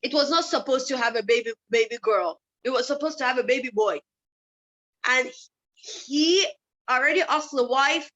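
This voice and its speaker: A woman addresses a summit audience with personal stories, her voice pitched high and cutting. She presses her point with question after question. The recording sounds muffled and lo-fi. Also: moderate pace, fairly bright tone. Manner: impassioned, asks many rhetorical questions. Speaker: summit speaker. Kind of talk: personal storytelling speech. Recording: dull lo-fi recording.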